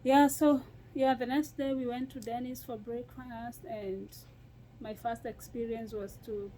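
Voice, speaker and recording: Young Kenyan woman, casual vlog chat, lively storyteller, slightly high. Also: unhurried, rough recording. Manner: animated storytelling with frequent laughs and restarts. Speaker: vlogger.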